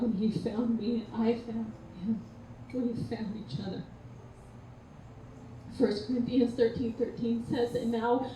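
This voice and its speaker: A woman's voice: on the high side, dark tone. Tender woman giving an echoey eulogy. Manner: heartfelt, tender storytelling. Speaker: partner of the deceased giving a eulogy. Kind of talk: memorial eulogy and toast. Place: memorial gathering indoors. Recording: echoey room, distant mic, background noise.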